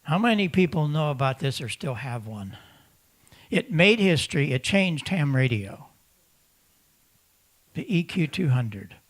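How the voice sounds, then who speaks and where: Man, emphatic conference presenter with a higher voice, punchy delivery into a handheld mic. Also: measured pace, pauses often. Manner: animated, emphatic, repeats words; acts out voices of other hams. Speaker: presenter at a ham radio symposium. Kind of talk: lively conference talk. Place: conference room in front of an audience.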